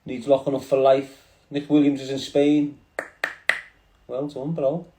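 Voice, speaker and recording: A Liverpool-accented host rambles in street slang on a casual livestream, talking to his viewers via phone. His mid-range voice is unhurried with little pitch movement, and there's background noise plus room echo.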